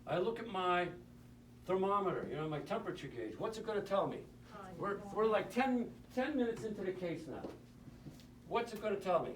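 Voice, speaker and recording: A man's voice: high voice, expressive, a little fast, slight background noise. A man teaching nurses in a live lecture, joking and quizzing the audience as he goes. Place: lecture room. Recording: roomy hall, mic at a distance.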